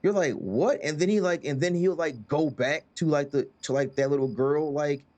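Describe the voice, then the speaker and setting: A man's voice: a little high, fairly even intonation, moderate pace, darkish tone. A man hosting a casual gaming chat who rambles, repeats words and leans on fillers. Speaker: host.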